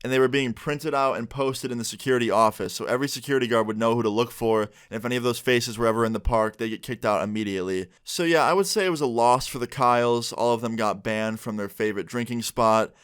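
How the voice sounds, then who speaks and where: A young man telling a story-time vlog in a casual, joking way, swearing freely and getting animated. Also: mid-range voice, clear, resonant tone. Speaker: storyteller vlogger.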